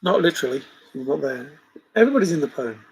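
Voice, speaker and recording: This man hosts a livestream, chuckling and rambling casually as he reacts to viewer comments. His voice is fairly high, expressive and a little mellow with a husky quality, and he talks quickly. The audio quality is poor.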